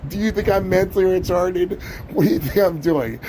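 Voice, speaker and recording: Profane ranting man, higher voice. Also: brisk, crowd noise. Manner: profane ranting, keeps breaking into laughter. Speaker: livestream host. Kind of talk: ranting livestream monologue.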